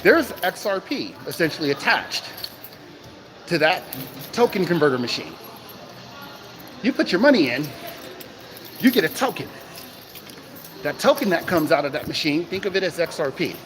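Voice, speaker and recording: Animated man chatting on a phone livestream. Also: on the high side, normal speed, long pauses, music in the background. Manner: animated, talks to chat viewers, asks rhetorical questions. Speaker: crypto livestream host. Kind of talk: casual livestream chat. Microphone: phone in hand. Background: keys jangling.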